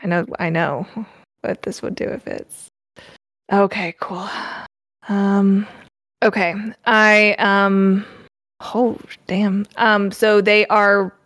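A woman's voice: mid-range voice, flat delivery, slow pace, long pauses, a bit bright, dry recording. A woman playing in a tabletop role-playing game, asking eager questions about the scene. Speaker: player. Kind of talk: tabletop role-play banter.

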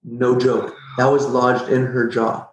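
Animated storytelling man, roomy sound. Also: medium pitch, takes it slowly, dull audio, slight background noise. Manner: animated, jokey, acts out his own past reactions. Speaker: podcast guest. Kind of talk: casual storytelling interview. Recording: roomy echo.

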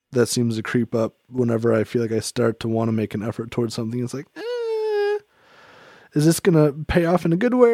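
A man's voice: mid-range voice, mellow, no echo, clean studio sound. Rambling, reflective man in casual chat. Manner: rambling, reflective, heavy on "like" and restarts. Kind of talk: casual faith-themed chat.

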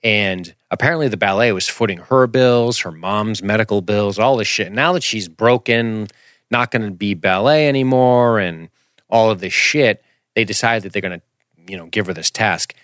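Man, podcast host, casual film review, animated and jokey, lowish voice, dry recording. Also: normal speed, no echo. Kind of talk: casual movie review chat.

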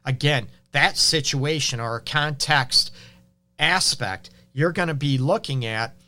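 A man's voice: mid-range voice, slow, bright, forceful tone. A man with a Detroit accent hosting a relationship advice show, talking frankly and conversationally with many fillers. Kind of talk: casual advice talk.

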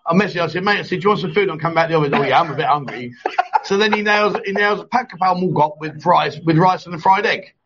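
Fast-talking joking host. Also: male voice, fairly high pitch, a bit bright, breathy edge, highs cut off. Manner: joking, teasing banter. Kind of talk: casual live chat show.

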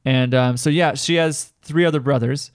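A man co-hosting a podcast in casual comedic chat, rambling and self-deprecating with halting restarts. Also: mid-range voice, fairly even intonation, clear, resonant tone, no echo, clean studio sound. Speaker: podcast co-host.

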